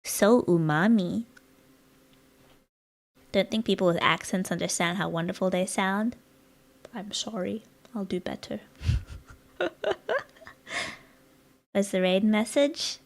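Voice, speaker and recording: A woman's voice: mid-range voice, measured pace, pauses often. An American woman streaming live, chatting casually and playfully with her viewers while she works on a design. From United States. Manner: chatty, playful, teasing, rambling asides to chat.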